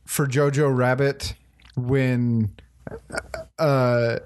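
A man hosting a casual podcast chat, relaxed and hesitant, with many fillers as he runs the list. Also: mid-range voice, drawn-out words, smooth. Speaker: podcast host.

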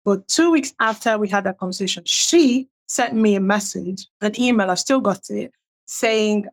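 A woman's voice: medium pitch, normal speed. A middle-aged woman from Nigeria, a writer, telling her own story and acting out what others said in a raised, livelier voice. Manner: acts out quoted people with a raised, livelier voice. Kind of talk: animated personal storytelling.

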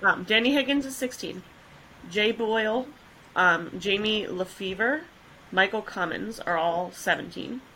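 Bright-voiced woman podcast host. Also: mid-range voice, a little slow, a little hiss or hum, rough recording. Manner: chatty, laughs easily, relaxed storytelling with fillers. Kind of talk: casual chat, telling a case.

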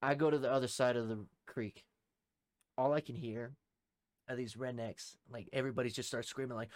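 A young man spins a rambling war-buddy story, full of swearing and chuckles, in a voice of ordinary middle pitch. The sound is dry and close, with no room around it. He talks loosely, piling on fillers as he goes. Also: steady tone, a little fast, no room sound. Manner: profane, rambling, laughs through his story. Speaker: podcast co-host, former Army private. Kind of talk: casual storytelling.

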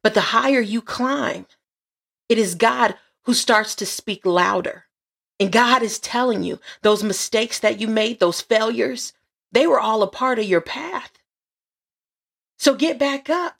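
Female podcast host, gravelly and husky voice, earnest inspirational faith talk. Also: fairly high pitch, unhurried, a bit bright. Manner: earnest, encouraging, repeats phrases.

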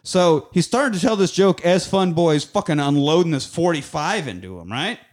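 A man's voice: on the high side, expressive, normal speed. A man casually recapping a film on a podcast, swearing a lot, laughing and acting out the lines. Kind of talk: casual profane chat.

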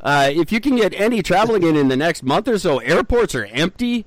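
High-voiced chatty man, dry sound. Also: very animated, brisk, dry recording. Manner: chatty, laughs often, self-deprecating. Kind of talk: casual chat.

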